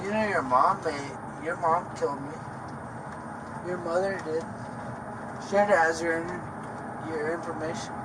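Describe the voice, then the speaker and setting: A man under arrest, rambling and taunting erratically in a police car, swinging between loud outbursts and mutters. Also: on the high side, steady tone, normal speed, long pauses. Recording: noisy police bodycam audio.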